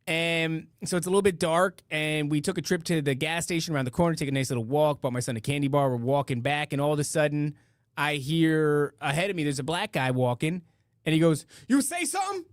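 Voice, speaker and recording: A man's voice: a little high, steady tone, brisk, no room sound, studio quality. A middle-aged man hosting a live-stream podcast, talking casually and rambling through stories with many restarts and asides. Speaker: podcast host reading donations and chat.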